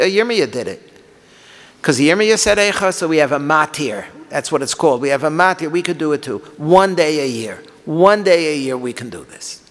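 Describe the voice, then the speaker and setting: A rabbi giving a lecture, his fairly high voice rising into pleading cries and falling back into calm explanation. He reads Hebrew passages and unpacks them. The sound carries a long reverb, as in a large hall. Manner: impassioned, swings from quiet explaining to pleading cries. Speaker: rabbi teaching a class. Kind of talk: Torah lecture on liturgical laments.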